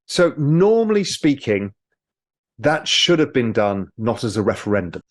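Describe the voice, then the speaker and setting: A man, a guest in an interview, explaining with lively storytelling. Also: mid-range voice, measured pace. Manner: animated storyteller, mimics people in quotes. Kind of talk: casual interview talk.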